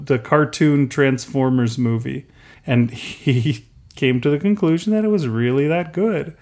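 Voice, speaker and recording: A middle-aged man in casual podcast chat, rambling and animated, acting out little quotes and laughing as he goes. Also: medium pitch. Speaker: podcast co-host.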